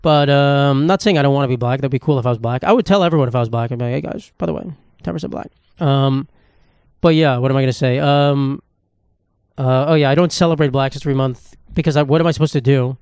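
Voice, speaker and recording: A man's voice: mid-range voice, fast, darkish tone, clean tone, no echo, studio quality. A man hosting a solo comedy podcast, rambling in a casual, sarcastic and profane way. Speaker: podcast host.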